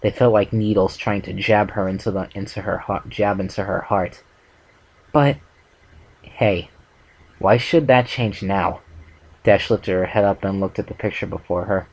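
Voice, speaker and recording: Low-voiced man reading a fanfic aloud. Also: fairly even intonation, a little slow, a little mellow, breathy edge, rough recording. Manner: plain reading with occasional stumbles and restarts. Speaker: channel host and fanfic reader.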